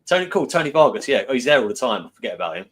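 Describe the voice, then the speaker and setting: A man's voice: medium pitch, very animated, very fast, a bit bright, breathy edge. A British man, a guest on an online panel, chatting in a rambling, hesitant way. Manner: rambling, hesitant, lots of restarts. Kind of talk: casual panel chat.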